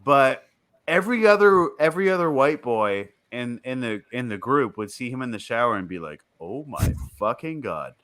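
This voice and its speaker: A man's voice: mid-range voice, lively intonation, moderate pace, a bit bright, clean tone. A man on a veterans panel, swearing and laughing as he tells an army story in casual chat. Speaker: panel guest.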